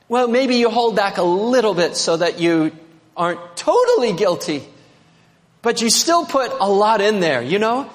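A man preaching a sermon as pastor, animated, swinging between emphatic high notes and quiet asides. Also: measured pace. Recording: long reverb of a large hall.

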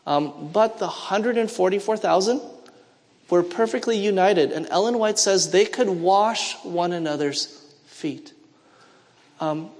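A man preaching a sermon, telling stories and asking the congregation to call out answers. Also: sits high. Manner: storytelling with call-and-response questions. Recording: long hall reverb.

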